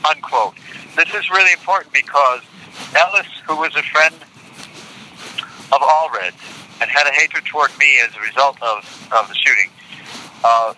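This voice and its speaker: An older man being interviewed, reading court transcript quotes aloud in a deliberate, indignant way and repeating lines for emphasis. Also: mid-range voice, sharp tone, a little hiss or hum, poor audio. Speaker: interview guest.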